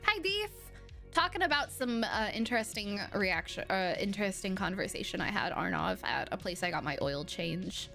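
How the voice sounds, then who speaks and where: A young woman streamer telling a story to her chat in a casual, animated, profane way, rambling with restarts. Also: medium pitch, normal speed, creaky, faint music behind. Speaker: live streamer.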